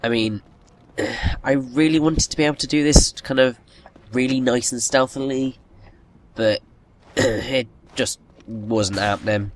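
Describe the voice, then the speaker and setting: With a medium pitch and a measured pace, a man hosting a gaming video rambles casually as he plays, game music behind him. He often restarts his sentences and pokes fun at himself.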